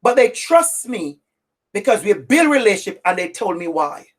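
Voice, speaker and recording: A woman's voice: mid-range voice, sing-song, moderate pace. A woman with an accent giving an impassioned webinar talk as an anti-racism educator, speaking directly and repeating phrases for stress. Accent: non-native English accent.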